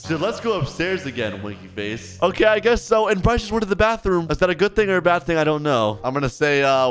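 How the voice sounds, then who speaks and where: A young man, a gaming video host, excitedly narrating a roleplay game and reading other players' chat aloud. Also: a little high, fairly quick, few pauses. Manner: excitable, reads other players' chat in flat put-on voices. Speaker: gaming YouTuber.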